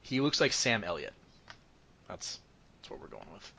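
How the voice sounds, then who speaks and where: Deep-voiced man as game master, meandering delivery. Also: very animated, normal speed, vocal fry, bright, forceful tone. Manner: rambling, many fillers and self-corrections. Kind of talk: narrating a tabletop game.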